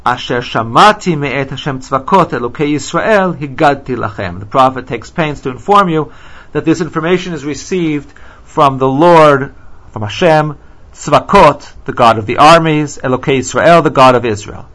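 A man giving a lecture on scripture. He reads Hebrew verses aloud, translates them and explains them in a measured way with frequent ums. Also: fairly high pitch, fairly bright tone. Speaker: Bible teacher.

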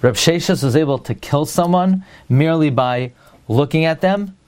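A man with a slightly raised pitch leads a Torah lesson. He keeps asking why, sets up each point as a puzzle, and stops now and then to hunt for a word. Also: a little mellow. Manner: asks rhetorical questions, pauses to search for words. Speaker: Torah teacher. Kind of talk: Torah class lecture.

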